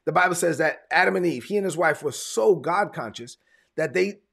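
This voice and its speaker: Brief: male preacher, fairly high voice, gravelly and husky, chatty and emphatic. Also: expressive, a little fast, a bit bright. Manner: conversational, emphatic preaching with repetitions. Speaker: pastor. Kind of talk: sermon.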